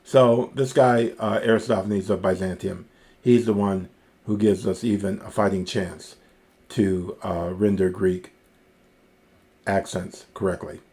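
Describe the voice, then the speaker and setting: A man with a low voice teaches a recorded grammar lesson, taking his time. He sounds out Greek words one by one, carefully and slowly. Now and then he drops in a dry little joke. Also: fairly even intonation, a little mellow.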